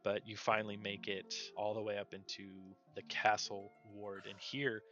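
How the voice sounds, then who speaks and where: A man narrating as game master in a relaxed, chatty way. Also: fairly low pitch, moderate pace, lo-fi sound, soft background music.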